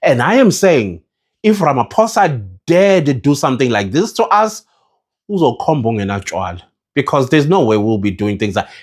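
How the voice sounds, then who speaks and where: South African man, vlogger, lively pitch, impassioned, rhetorical questions to viewers. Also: normal speed. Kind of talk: casual opinion vlog to camera.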